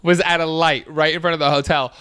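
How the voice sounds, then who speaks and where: A young man in his twenties co-hosting a podcast, telling stories in a casual chat and acting out quotes in high squeals. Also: fast talker, clean tone. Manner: animated storyteller, acts out quotes with high squeals. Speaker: podcast co-host.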